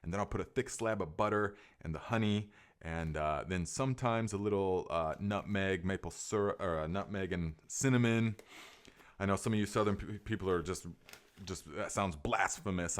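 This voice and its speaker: A man's voice: deep voice, moderate pace. A middle-aged man hosting a live gardening Q&A, rambling and enthusiastic, full of fillers and restarts. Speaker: gardening podcast host. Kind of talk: casual live Q&A chat.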